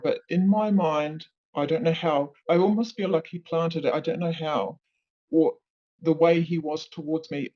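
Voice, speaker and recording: A woman telling her own story as an interview guest, speaking haltingly and searching for her words. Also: low voice, warm tone. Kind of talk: personal account in an interview. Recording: dull lo-fi recording.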